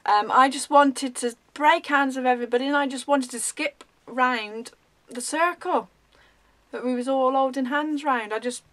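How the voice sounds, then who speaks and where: A woman vlogger telling a story in a rambling, animated way, full of ums. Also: sits high, normal speed. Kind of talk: casual storytelling.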